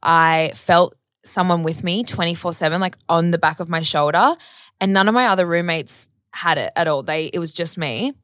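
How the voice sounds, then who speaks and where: A woman's voice: on the low side, moderate pace, fairly bright tone, no room sound, clean studio sound. A woman, telling a long story in casual chat, rambling with lots of "like" and casual swearing.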